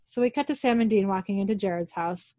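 A woman's voice: mid-range voice, mellow, no echo. A woman casually narrating a recap of a TV episode, reading every character's lines aloud in her own voice and correcting herself now and then. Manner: quick narration, self-corrections.

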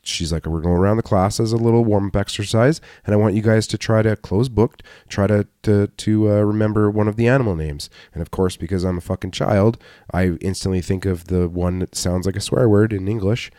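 A man's voice: lowish voice, brisk, hardly any pauses, dark tone, no room sound, studio quality. A man co-hosting a podcast who tells jokey, profane stories in casual banter. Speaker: podcast co-host.

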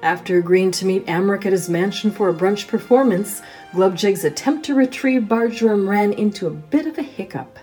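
A woman's voice: mid-range voice, moderate pace, darkish tone, soft background music. A woman reading a scripted recap of the previous episode. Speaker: recap narrator. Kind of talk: scripted narration.

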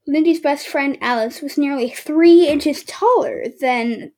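Slow-talking young woman podcast host. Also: high voice, darkish tone. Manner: halting reading with restarts and sarcastic asides. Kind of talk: casual podcast, reading a book aloud. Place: at home.

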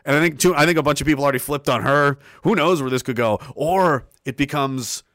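A man hosting a livestream talk show, reading viewer messages aloud in a casual, animated and profane way. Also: fairly high pitch, a little fast, no echo, clean studio sound. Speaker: show host.

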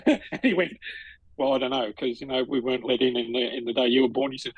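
A man's voice: mid-range voice, fast, slightly rough, no echo, highs cut off. Chatty man telling stories. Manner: chatty, storytelling with lots of restarts. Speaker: podcast co-host. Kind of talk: casual chat.

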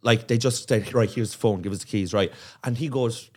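A man's voice: medium pitch, fairly quick, husky. A man telling a long, profane story on a comedy podcast, acting out the voices of the people in it. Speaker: comedian guest.

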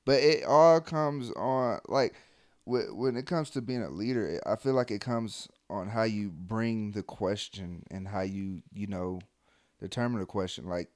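A man's voice: on the low side, no echo. Laid-back soldier man, dry sound. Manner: loose, profane, trailing off into mumbles. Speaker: army soldier. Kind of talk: casual chat.

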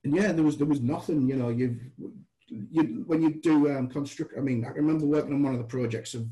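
A man's voice: on the high side, fairly quick, poor audio. A middle-aged man from Britain, a guest telling chatty stories, often acting out the voices of people he quotes. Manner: chatty, restarts, animated quoted dialogue. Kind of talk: casual anecdotal storytelling.

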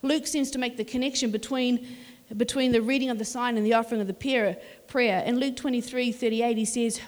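A woman giving a sermon, telling a story in a lively, conversational way. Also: on the high side, normal speed. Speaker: preacher. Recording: reverberant hall.

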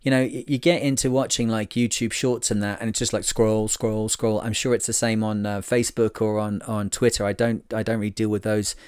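Talking on his own podcast, this host keeps up a jokey, rambling flow packed with fillers and self-mocking asides. He speaks fairly quickly with few pauses, in a lowish, level, smooth voice of darkish tone. The studio sound is clean, with no room sound.

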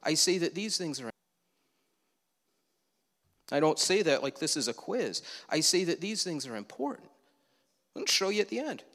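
A man's voice: high voice, a bit bright, big-room sound. Conversational male pastor preaching in a church. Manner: conversational preaching with rhetorical questions and asides. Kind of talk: sermon. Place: church sanctuary.

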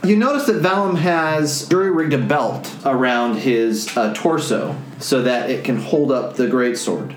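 A man running a tabletop game as game master, narrating in a relaxed way with some chuckling. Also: medium pitch, a little slow, hardly any pauses, echoey room, slight background noise.

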